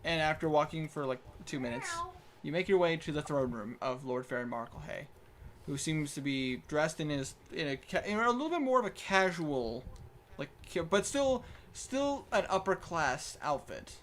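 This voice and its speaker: A young man narrating as dungeon master in a tabletop game over voice chat, animated, with stumbling restarts. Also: on the high side, moderate pace.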